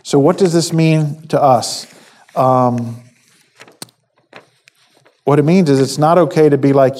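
A man giving a conversational sermon, halting with fillers and restarts, acting out quoted lines. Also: fairly high pitch, mellow. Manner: acts out quoted speech. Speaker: preacher.

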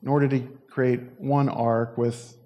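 A man preaching in a relaxed, conversational tone, at a mid pitch. He explains things plainly, sometimes restarting his sentences and dropping in fillers. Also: slow. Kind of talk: sermon.

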